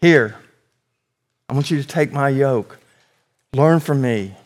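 A male preacher voicing God, who answers calmly and gently in soft, quiet reassurance. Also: mid-range voice, slow, lightly acted. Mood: gentle. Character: calm, gentle God comforting a child.

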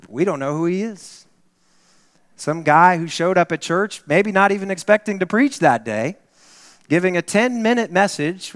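A male pastor delivering a sermon with a fairly high voice. He tells a story earnestly and then eases into soft, intimate exhortation. The sound carries a long reverb, as in a large church hall.

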